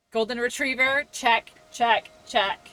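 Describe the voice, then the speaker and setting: Young woman streaming from home, rambly and giggly, kinda high sharp voice. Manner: chatty, rambling and laughing, reads chat aloud. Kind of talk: casual live-stream chat while gaming.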